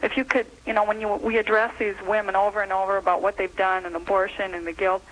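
A woman's voice: mid-range voice, little pitch movement, quick pace, a bit bright, rough recording. A woman from Minnesota calling in by phone, gushing and rambling, hesitating with many ums as she asks her question. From Minnesota, USA. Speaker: caller. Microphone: telephone line.

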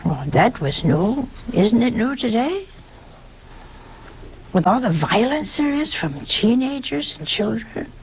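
A woman's voice: fairly high pitch, big pitch swings, takes it slowly, creaky, a little mellow, slight background noise. An older woman giving a conversational sermon, emphatic and full of rhetorical questions. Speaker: preacher.

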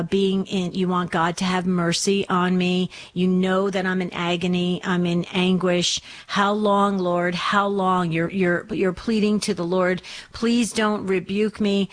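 A woman hosting a call-in radio show, speaking slowly and encouragingly to listeners and callers. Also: medium pitch.

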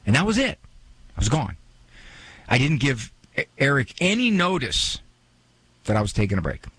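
Man, radio talk host, husky, joking monologue, self-mocking. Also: medium pitch, very animated, moderate pace, a bit bright, no room sound. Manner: joking, self-mocking, acts out quoted asides.

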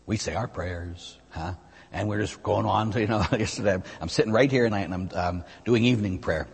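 A man with an American accent, a priest preaching a sermon, his voice swinging from high emphatic peaks to low, quiet asides. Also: fairly quick, gravelly, breathy edge. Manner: animated, rises high on emphatic phrases then drops low and quiet. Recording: long hall reverb.

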